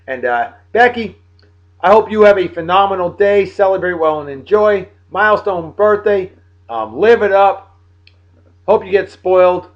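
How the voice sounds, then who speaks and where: A man in his late thirties from Massachusetts, hosting a casual video blog and giving playful, hearty birthday shout-outs to friends. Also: high-pitched, lively intonation, unhurried, lo-fi sound. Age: late 30s.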